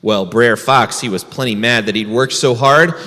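A man's voice: mid-range voice, normal speed, bright, forceful tone, in a large hall. A man, a rabbi, telling a folk tale to children in a folksy way, asking the kids questions. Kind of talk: storytelling to children.

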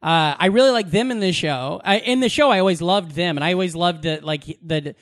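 A man's voice: high-pitched, brisk, no echo, studio quality. A man co-hosting a casual podcast chat, rambling and profane, often laughing at his own jokes. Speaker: podcast co-host.

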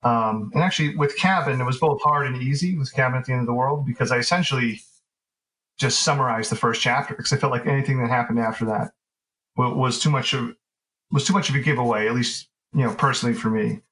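A man being interviewed as an author, talking in a relaxed, rambling way with lots of fillers and restarts. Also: mid-range voice, fast, low-quality recording. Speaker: author guest. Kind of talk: casual interview conversation.

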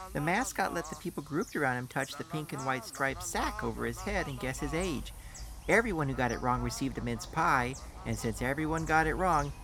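Male narrator, mid-pitched, dry first-person storytelling for an audiobook. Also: noisy background.

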